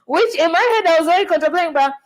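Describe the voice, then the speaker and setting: A woman from Tanzania hosting a casual podcast chat, telling stories in an animated way and often repeating words as she starts a sentence. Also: very high voice, racing. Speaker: podcast host.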